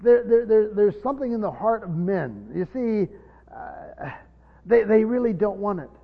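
High-voiced man teaching a sermon. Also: lively intonation, normal speed. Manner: teacherly, repeats words, drops low for scripture. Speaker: preacher. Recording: dull recording in a long-reverb hall.

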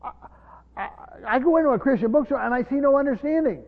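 A man's voice: animated, fast. A man preaching a Bible-teaching sermon in a teacherly way, often repeating words as he explains. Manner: teacherly, repeats words, drops low for scripture. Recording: dull recording in a long-reverb hall.

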